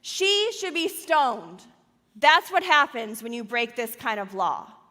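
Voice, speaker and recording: A woman voicing an angry male accuser in a mob, shouting his charge in a sermon retelling. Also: fairly high pitch, expressive, slow, long reverb tail, exaggerated voice. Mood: accusing.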